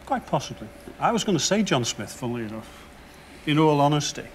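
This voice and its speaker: A man's voice: a little high, big pitch swings, fairly quick, slight background noise. An older retired man with a Liverpool accent, a quiz contestant answering in dry, wry studio banter in a TV studio.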